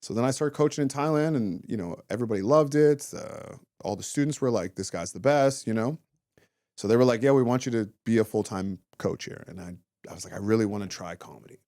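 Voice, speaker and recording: A man in his thirties, a former fighter turned comedian, chatting as a guest and telling animated stories full of swearing and acted-out quotes. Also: lowish voice, a little fast, dry recording, clean studio sound. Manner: animated storytelling, acts out quotes, swears often. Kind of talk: casual interview chat.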